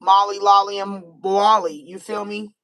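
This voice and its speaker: An American woman doing a casual live-stream tarot reading, animated and chatty, laughing easily. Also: medium pitch, unhurried, no echo, low-quality recording. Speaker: tarot reader.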